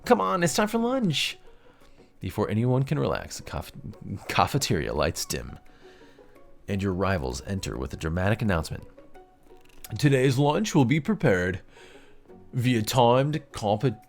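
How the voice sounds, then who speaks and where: A man casually reading a visual novel aloud as a let's play, in a joking, lively manner. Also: fairly low pitch, a little slow, creaky, soft background music. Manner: joking, reads the game text in a lively way.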